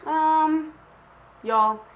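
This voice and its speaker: A woman's voice: high voice, very slow, phone-quality sound, a little hiss or hum. A young woman who is feeling sick, chatting casually to camera as she answers questions in a rambling, self-deprecating way full of filler words. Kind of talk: casual chat.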